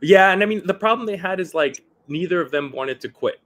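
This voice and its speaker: A man's voice: high-pitched, expressive, a little fast, a bit bright. A man chatting casually as a podcast guest, talking with animation and mimicking the people he describes. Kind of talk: casual chat. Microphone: video call.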